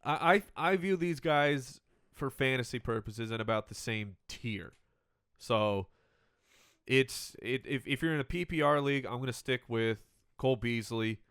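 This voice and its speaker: A man's voice: medium pitch, a little slow, fairly bright tone, smooth, no echo, studio quality. A man co-hosting a sports podcast, playful and teasing in casual banter. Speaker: podcast co-host.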